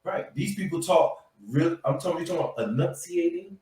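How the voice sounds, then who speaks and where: A man's voice: a little high, animated, fairly quick, warm tone, slight background noise. Male co-host, emphatic, repeats himself; set back from the mic in a very echoey room. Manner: emphatic, repeats words for effect. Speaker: podcast co-host. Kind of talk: casual panel chat. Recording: roomy echo, distant from the mic.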